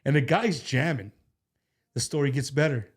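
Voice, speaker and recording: A man's voice: medium pitch, normal speed, slightly rough. A man hosting a casual talk show, speaking in a rambling, heartfelt way with many restarts and fillers. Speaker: show host. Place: studio.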